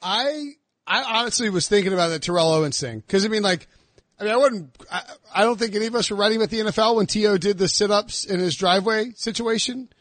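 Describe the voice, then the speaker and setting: A man's voice: sits high, fast, fairly bright tone, dry recording. A man in his thirties hosting a casual sports podcast and teasing his co-hosts. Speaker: podcast host.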